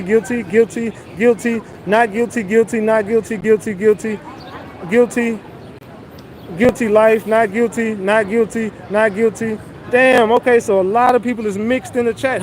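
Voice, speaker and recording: A man doing casual livestream commentary outdoors on a city street, joking loosely and reading his chat aloud into a phone. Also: sits high.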